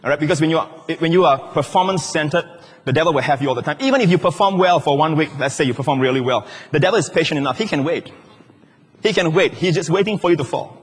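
A male pastor preaching a sermon in a large church hall, emphatic and shouting at the high points, with wide swings in pitch. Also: fast, husky. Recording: long church-hall reverb.

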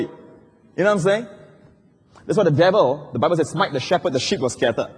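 Male pastor preaching; high, husky voice that rises to shouts and drops to asides, big reverberant hall. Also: brisk. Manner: animated preaching that swings from loud cries to low asides. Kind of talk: sermon.

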